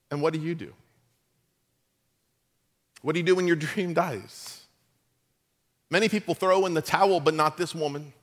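A man with a noticeably high voice delivers a sermon. He retells scripture casually, dropping in everyday asides and filler words as he goes. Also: a bit bright. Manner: casual storytelling with modern asides. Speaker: pastor.

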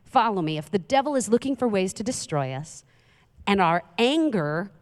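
A woman's voice: medium pitch, big pitch swings, moderate pace, long reverb tail. A woman pastor delivering a conversational sermon, often asking the audience rhetorical questions.

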